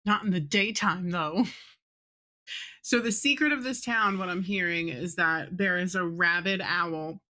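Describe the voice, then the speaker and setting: A woman's voice: lowish voice, measured pace, sharp tone. A woman running a tabletop game with friends, laughing often and swearing freely. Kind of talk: tabletop game session, casual chat.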